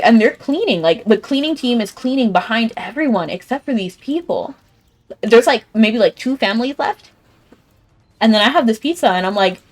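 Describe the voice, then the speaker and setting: A young woman streaming a game, telling a rambling story in casual chat and laughing often. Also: medium pitch. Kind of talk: casual chat while gaming.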